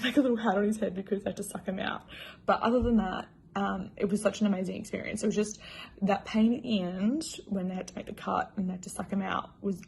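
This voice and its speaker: A woman's voice: mid-range voice, creaky, darkish tone, slight background noise. A young woman casually telling her personal story in a chatty, emotional way, full of fillers. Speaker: new mother.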